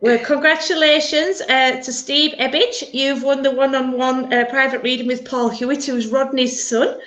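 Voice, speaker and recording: A middle-aged woman from England hosting a live church stream, chatty and quick to laugh. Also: high voice, fairly even intonation, a bit bright. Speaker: church service host. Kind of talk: casual live-stream chat.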